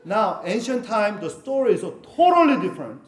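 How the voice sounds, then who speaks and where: A man's voice: sits high, big pitch swings, normal speed. Middle-aged man preaching in an echoey room. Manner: conversational, jokey asides with laughter. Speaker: pastor. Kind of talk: sermon.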